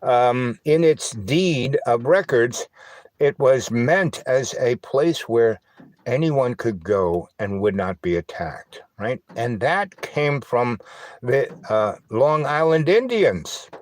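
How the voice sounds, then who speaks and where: A man hosting a casual livestream on an old phone, talking in a halting, rambling way full of fillers and "right?", with a slight lisp and twang. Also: medium pitch, expressive, a little mellow, no room sound. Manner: halting, filler-heavy, asks "right?" often. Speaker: livestream host.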